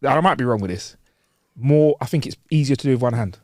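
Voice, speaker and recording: A man's voice: mid-range voice, lively intonation, fast talker, no room sound, studio quality. A man co-hosting a casual chat, telling jokes and laughing often. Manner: laughs often, acts out joke voices. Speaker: podcast co-host.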